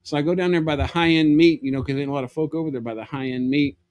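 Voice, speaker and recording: A man, a podcast guest telling a comic story in an animated way, acting out voices and laughing as he goes. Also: on the high side, rapid-fire, no room sound.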